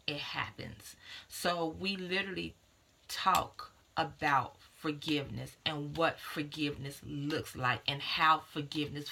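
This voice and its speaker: A woman's voice: lowish voice, vocal fry, pushed and bright. A woman in her thirties, a doula and mother, talking earnestly and casually to camera with many fillers. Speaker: doula and vlogger.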